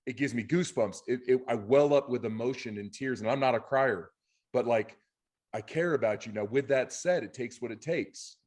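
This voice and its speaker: A man co-hosting a podcast who coaches youth and high school players, talking in an earnest, heartfelt way. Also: normal speed, darkish tone. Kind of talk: casual podcast conversation.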